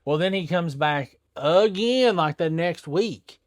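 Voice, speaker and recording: A man's voice: fairly high pitch, slow, no room sound, studio quality. A man who works at a tire shop, telling a story in a casual chat, plain-spoken and acting out the people he quotes. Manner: animated, acts out quoted people with a raised voice; plain-spoken, loose grammar.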